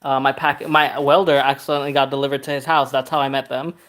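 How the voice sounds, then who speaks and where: A man's voice: mid-range voice, level tone, fast, a bit bright. Casual livestream host: man in his thirties from Trinidad, chatty, laid-back, reads out viewer comments and laughs a lot. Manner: chatty and easygoing, reads viewer questions aloud, laughs often. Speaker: car customizing channel host.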